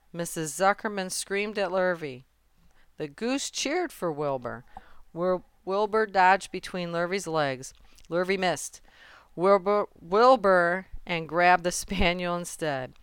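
A woman reading a children's storybook aloud in a gentle, measured way. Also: fairly low pitch, lively intonation, clear, resonant tone, no echo. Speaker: storybook narrator. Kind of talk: children's book read-aloud.

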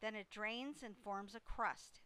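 Female storybook reader, unhurried, crisp bright tone. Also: medium pitch, rough recording. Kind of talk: storybook read-aloud.

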